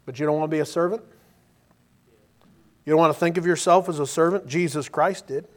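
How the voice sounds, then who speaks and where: High-voiced animated male preacher. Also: fairly quick. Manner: animated, rhetorical questions, reads King James verses aloud. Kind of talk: sermon.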